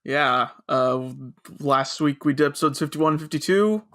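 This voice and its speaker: Measured male co-host with a bright voice. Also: a little high. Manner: dry, measured recapping of plot. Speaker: podcast co-host. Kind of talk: casual anime review chat.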